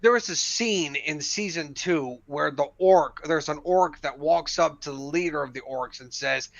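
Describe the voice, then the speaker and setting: A man's voice: a little high, a little slow, gravelly, few pauses, no echo. A man co-hosting a casual chat, ranting emphatically and swearing often. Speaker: podcast co-host. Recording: dull lo-fi dry podcast mic.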